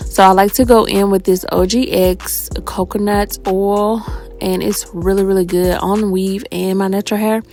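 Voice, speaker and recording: A woman's voice: mid-range voice, a little mellow. A young woman talking viewers through a hair tutorial in a casual, chatty way, out of breath and tired. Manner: chatty, addresses viewers as y'all.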